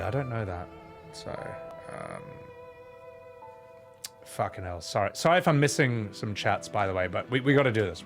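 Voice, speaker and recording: Brief: expressive male streamer, chatty and profane, wide pitch swings, light music bed. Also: gravelly. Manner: animated, swearing, acts out movie scenes in voices. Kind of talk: casual livestream chat while gaming.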